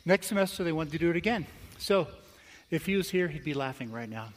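Male pastor, fairly high voice, storytelling sermon, long hall echo. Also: expressive. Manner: conversational, anecdotal, swings between quick asides and slow emphatic phrases.

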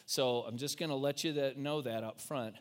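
A man's voice: medium pitch, normal speed. A man preaching a sermon in a casual, joking, conversational way to his congregation in church. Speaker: pastor.

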